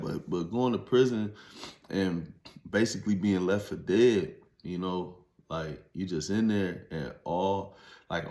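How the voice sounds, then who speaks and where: Low-voiced man, blunt and profane. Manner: blunt and heavily profane, rising to emphatic preaching. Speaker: former inmate telling his story. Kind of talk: casual storytime monologue.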